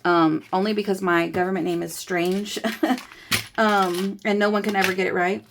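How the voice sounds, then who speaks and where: A woman in her thirties with a gravelly, fry-tinged voice talks through a budgeting vlog in a loose, candid ramble. She counts cash aloud as she goes, and her grief sits quietly under the chat. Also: medium pitch, fairly even intonation, moderate pace, noisy background. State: grieving. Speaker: budgeting vlogger. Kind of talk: casual chatty vlog.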